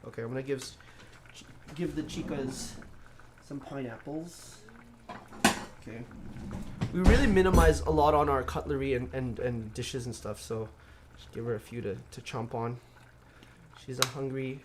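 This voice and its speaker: A man's voice: mid-range voice, expressive, moderate pace, long pauses, background noise. A man chatting casually on a cooking livestream from his home kitchen, rambling and breaking into playful sound effects. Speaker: cooking streamer.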